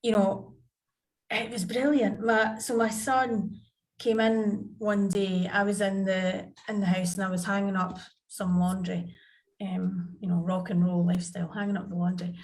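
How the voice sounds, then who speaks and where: A woman's voice: mid-range voice, level tone, measured pace, a little mellow. A woman, telling parenting stories in a chatty, anecdotal way on a video call. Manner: chatty, anecdotal, acts out family dialogue. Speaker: podcast guest, parenting coach. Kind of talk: conversational interview.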